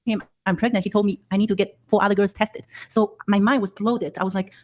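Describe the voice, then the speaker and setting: A woman guest on a podcast, defending herself in halting, broken English and repeating words. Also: mid-range voice, fairly even intonation, a little mellow. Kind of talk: defensive casual talk.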